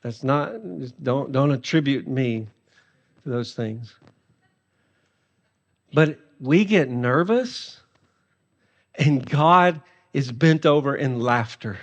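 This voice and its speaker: A man pastor preaching a sermon in a humorous, animated manner. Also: mid-range voice, slow, long pauses, long reverb tail, highs cut off.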